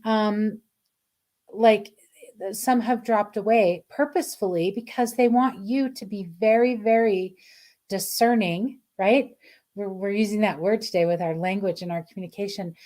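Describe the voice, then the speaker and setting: Brief: middle-aged woman, mellow tone, gushing live-stream card reader. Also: medium pitch. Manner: effusive, chatty, reads viewer comments aloud. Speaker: spiritual card reader, host.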